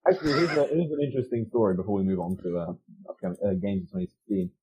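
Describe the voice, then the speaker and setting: A man's voice: on the low side, rapid-fire, background noise. Young man rambling a crude story. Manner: rambling, profane, fillers, restarts. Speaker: podcast host. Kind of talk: casual storytelling chat. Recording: dull lo-fi sound.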